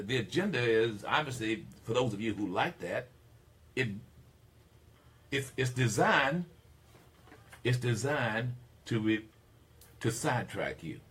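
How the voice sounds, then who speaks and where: A man's voice: very animated, normal speed, slightly rough. An older man from Mississippi, hosting a talk radio show in an emphatic, preachy monologue. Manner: emphatic, preachy, swings between low asides and loud declarations.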